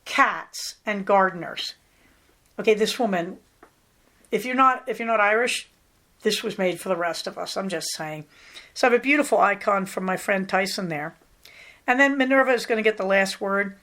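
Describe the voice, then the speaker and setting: A woman's voice: medium pitch, fairly quick, a bit bright. A middle-aged woman from Southern California hosting a podcast in a chatty, rambling, affectionate way. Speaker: podcast host. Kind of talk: casual chat.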